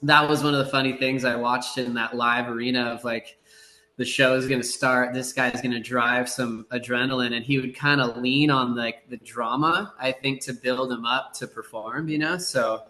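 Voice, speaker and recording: A middle-aged man chatting as a podcast guest, telling rambling, relaxed stories with many fillers and acted-out quotes. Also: medium pitch, normal speed, echoey room. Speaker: surf broadcaster, podcast guest. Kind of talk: casual storytelling in a podcast interview.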